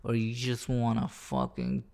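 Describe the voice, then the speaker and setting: A man casually telling a rambling, profane story about his own life, animated and full of restarts. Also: medium pitch, measured pace, vocal fry, clear, resonant tone.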